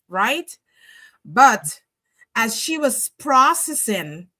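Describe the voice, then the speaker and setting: A woman with a fairly high voice tells a story at an unhurried, deliberate pace. She repeats phrases for weight and often lets her sentences fade low and quiet at the end. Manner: slow, earnest, repeats phrases for emphasis. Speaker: discussion speaker sharing a client story. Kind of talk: personal storytelling in a group discussion.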